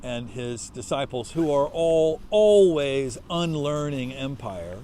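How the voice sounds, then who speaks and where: A male pastor preaching a sermon as conversational storytelling that breaks into loud impassioned outbursts. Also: mid-range voice, lively intonation, slow, slight background noise.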